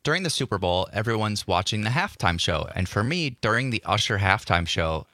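A man with a low but lively voice chats as a radio co-host. His tone is bright and the sound is dry and close. He comes across as nerdy and self-deprecating. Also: brisk, no room sound. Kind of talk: casual radio talk.

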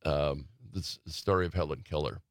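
An older man, a longtime theater critic, reminiscing slowly and haltingly in a casual talk-show chat. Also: extremely low pitch, dry recording, studio quality.

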